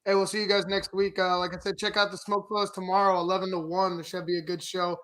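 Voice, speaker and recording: A man, the show's producer, chatting in a relaxed, rambling way with many fillers. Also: high voice, fast talker. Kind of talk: casual sports show chat.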